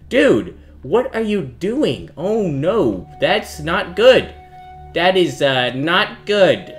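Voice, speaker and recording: A young man giving jokey, self-mocking let's play commentary that bursts into yelling when he is startled. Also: high voice, sing-song, drawn-out words, soft background music. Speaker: gaming youtuber.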